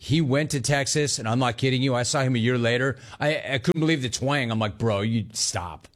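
A man hosting a sports call-in show, talking in a brash, joking way. He ribs callers and calls them dude. His voice sits in a middle pitch. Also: fairly even intonation, fast talker. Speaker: sports talk radio host.

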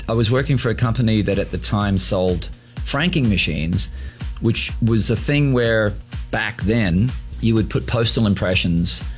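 A man casually telling a self-deprecating story about an old job, laughing as he goes. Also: fairly low pitch. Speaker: country singer telling a story.

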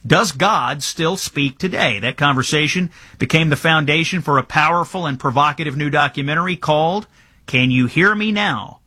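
Male radio host, bright husky voice, promo read. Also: a little high, normal speed. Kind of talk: radio show promo and segue.

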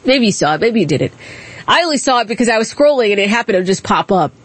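A woman's voice: mid-range voice, sing-song, fast, husky, no room sound. A woman hosting a political talk show, delivering a sarcastic, mocking commentary monologue and laughing at her own jokes.

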